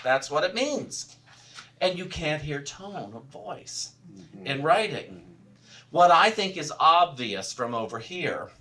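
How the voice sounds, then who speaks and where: Male minister, conversational sermon, lively pitch, bright tone, heard from a distance in a church. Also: a little hiss or hum. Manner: animated storytelling, laughs often. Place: church sanctuary.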